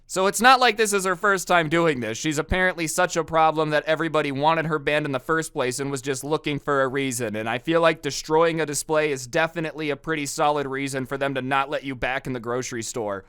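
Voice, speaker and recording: Young guy doing a storytime vid, smooth clear voice, dry close sound, kinda sarcastic. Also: a little high, quick pace, hardly any pauses, bright, forceful tone, dry recording. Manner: conversational with sarcastic asides. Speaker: storytime YouTuber. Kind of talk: casual storytime narration.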